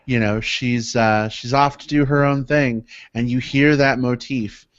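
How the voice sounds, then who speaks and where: A man's voice: medium pitch, fairly even intonation, no echo. Eager man on a dry lo-fi podcast. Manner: eager, quick to chime in. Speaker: podcast co-host. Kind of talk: casual movie review chat. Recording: dry, dull lo-fi podcast audio.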